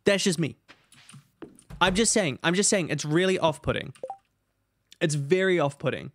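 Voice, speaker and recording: A man streaming a game, rambling in animated casual commentary and talking to his chat. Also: on the high side, normal speed, a little hiss or hum.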